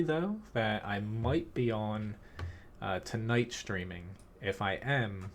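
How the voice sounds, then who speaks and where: A man with a Philadelphia accent, chatting casually while streaming a tank game, rambling with lots of fillers and quick laughs. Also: lowish voice, slight background noise. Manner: rambling, filler-heavy, laughs between thoughts. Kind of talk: casual live-stream commentary.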